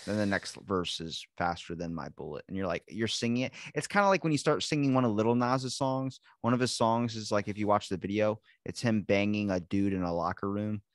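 A man with a fairly low voice rambles through a casual podcast chat, cursing freely and slipping into voices as he retells scenes. The sound is close and dry, with no room around it. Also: fairly quick, few pauses, no room sound. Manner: rambling, profane, acts out voices in stories. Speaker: podcast co-host.

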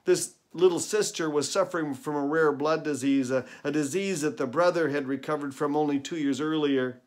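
A man's voice: a little high, normal speed. A man, a pastor, giving an earnest, emphatic sermon with repeated phrases in a recorded devotional video. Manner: earnest, emphatic preaching with repetition.

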